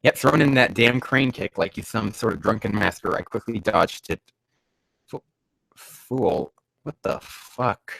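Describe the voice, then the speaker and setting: A man reading bad fanfiction aloud for comedy, sarcastic and swearing, breaking off into loud bursts of disbelief. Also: fairly low pitch, expressive, normal speed, no echo, low-quality recording. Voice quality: gravelly.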